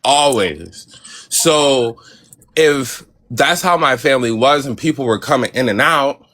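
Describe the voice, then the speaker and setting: A man's voice: mid-range voice, expressive, a little slow, a bit bright. A man in a casual group discussion, speaking hesitantly with many restarts.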